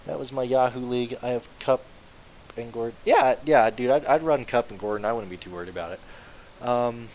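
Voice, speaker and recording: A man's voice: medium pitch, moderate pace, rough recording. Rambling young man on a hissy live stream. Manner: rambling, excitable, swears freely. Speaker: fantasy sports streamer. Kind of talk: casual live-stream chat. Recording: faint hiss.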